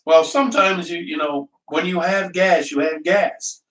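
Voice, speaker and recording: A man with a high, somewhat bright voice talks slowly as he hosts an easygoing cooking livestream at home. Chatty and prone to laughter, he rambles and welcomes viewers by name. His voice comes from off-mic in an echoey kitchen.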